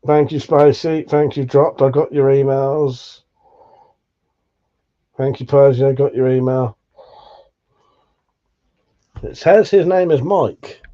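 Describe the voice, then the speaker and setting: A man's voice: medium pitch, slow pace, long pauses, dark tone, dull audio. A man hosting a livestream, reading viewer messages aloud and bantering with lots of swearing and jokes. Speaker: livestream host. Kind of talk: casual live chat reading viewer messages.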